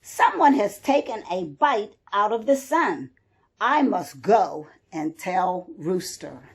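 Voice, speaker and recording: Storybook hen, worried and fussing, slow-paced and a little low, read by a woman. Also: animated, slightly rough, heavily acted. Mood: alarmed. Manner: urgent, fussing. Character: worried hen spreading alarm.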